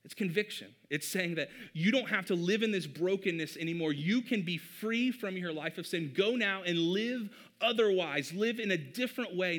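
A man's voice: sits high, a bit bright. A man in his thirties, a pastor giving a conversational sermon and often addressing the congregation as "you guys".

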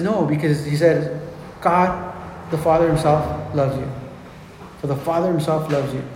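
A man's voice: on the high side, darkish tone, slight background noise. A man preaching a sermon in an earnest way, often restarting and repeating phrases. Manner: earnest, repetitive, many restarts. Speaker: pastor. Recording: echoey hall with faint ambience.

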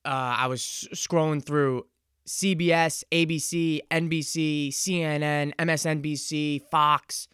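A man in his twenties hosting a solo podcast, talking in an earnest, reflective and halting way. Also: on the high side, level tone, fairly bright tone, clear, resonant tone, no echo, studio quality. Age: 20s. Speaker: podcast host. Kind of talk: casual solo podcast monologue.

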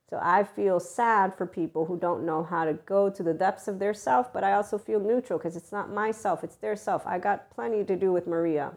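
A woman's voice: medium pitch, darkish tone. A woman hosting her channel in a casual, unscripted monologue, blunt and profane, rambling with restarts and mocking the people she talks about. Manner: mocking, acting out voices of others. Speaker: channel host.

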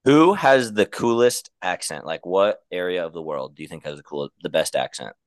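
Laid-back young man, low voice. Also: expressive, normal speed, dry recording, clean studio sound. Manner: laughs often, loose and joking. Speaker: podcast co-host. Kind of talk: casual chat among friends.

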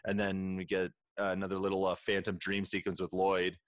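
A man's voice: low-pitched, completely flat delivery, a little fast, no room sound, studio quality. A man co-hosting a podcast, casually retelling a comedy film scene by scene and acting out its lines with laughs. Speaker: podcast co-host. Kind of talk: casual movie recap chat.

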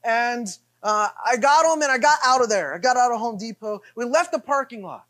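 Animated man telling a sermon story. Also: very high-pitched, fairly quick. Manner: animated, self-deprecating anecdote with repeated refrains. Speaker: pastor.

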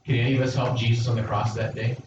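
A man's voice: mid-range voice, flat delivery, fast, a little mellow. A man preaching a sermon as pastor, reading scripture aloud and giving God's words with rising emphasis. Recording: roomy echo, distant mic, dull sound with background noise.

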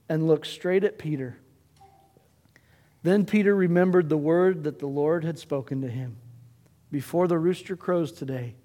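A man's voice: fairly high pitch, dark tone. A male pastor preaching a sermon, telling a story dramatically and acting out the characters' voices. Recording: long hall reverb.

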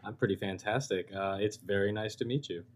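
A man's voice: lowish voice, brisk. A man playing a tabletop game in character, hesitant and stammering. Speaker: player. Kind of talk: casual tabletop role-play.

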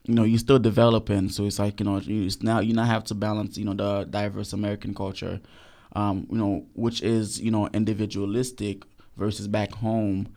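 Gravelly, low-voiced podcast host. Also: male voice, flat delivery, brisk, warm tone. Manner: rambling, lots of fillers, friendly. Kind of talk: casual interview.

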